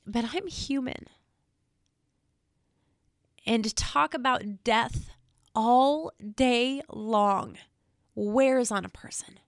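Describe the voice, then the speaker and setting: A woman in public safety speaking straight to viewers, emotional and near tears, earnest and halting, repeating words as she talks. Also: on the high side, no room sound, clean studio sound. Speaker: state trooper spokesperson. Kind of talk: emotional direct-to-camera talk.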